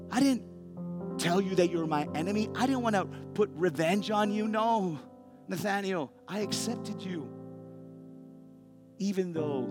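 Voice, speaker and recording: A preacher acting out a loving Jesus who talks to his friends like a brother, warm and pleading and casual, with a slightly raised voice. Soft guitar plays behind him. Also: sits high, voice pushed up. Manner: warm, pleading, familiar, calls people buddy and man. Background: soft guitar music.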